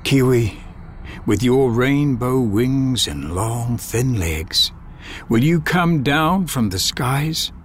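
A man's voice: mid-range voice, lively intonation, slow, slight background noise, pitched above the performer's own voice. A man voicing an earnest male sky god in a storybook, asking a favour in a raised, pleading tone.

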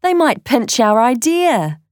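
A woman's voice: on the high side, big pitch swings, slow, darkish tone, no echo, pitched above the performer's own voice. Earnest young schoolboy, read by a woman, dry close sound. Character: schoolboy twin, earnest and worried.

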